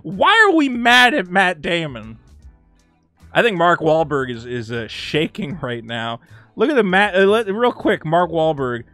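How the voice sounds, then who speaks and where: A man's voice: high-pitched, sing-song, a little slow, pushed and bright, no echo, soft background music. A man from Massachusetts, hosting a sarcastic, ranting commentary vlog. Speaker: commentary host.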